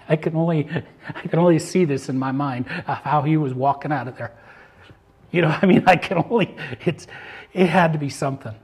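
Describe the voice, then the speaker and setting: Reading and interpreting scripture for his congregation, an older pastor with a rather high-pitched voice shifts from rising, forceful emphasis to quiet, reflective musing.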